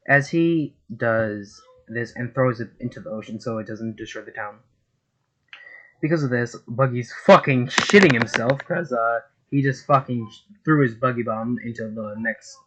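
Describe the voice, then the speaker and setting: A man casually narrating fan fiction in a rambling, profane way with lots of fillers. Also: mid-range voice. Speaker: YouTube storyteller. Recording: noisy home recording.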